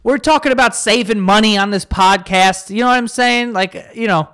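A man's voice: high voice, normal speed, sharp tone, smooth, dry recording, clean studio sound. Rambling young male podcast host. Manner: rambling, self-deprecating, voice cracking. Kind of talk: casual solo podcast chat with ad read.

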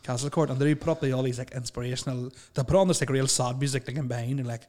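A man's voice: medium pitch, steady tone, fast, a little mellow. A man with a Northern Irish accent co-hosting a podcast, chatting casually, laughing a lot and swearing freely. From Northern Ireland. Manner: laughs often, swears freely, lots of fillers. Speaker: podcast co-host.

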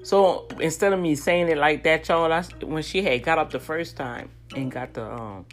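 Lively woman vlogger, chatty story told straight to viewers, lowish voice. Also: moderate pace, faint music behind. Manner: animated, talks straight to her viewers.

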